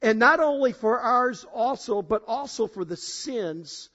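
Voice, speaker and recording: A man preaching a sermon to a congregation, emphatic, swinging between loud declarations and quiet asides, asking for a show of hands. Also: very high-pitched, expressive, unhurried. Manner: addresses congregation directly, asks for show of hands. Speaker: pastor. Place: church in front of a congregation. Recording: dull, lo-fi sound.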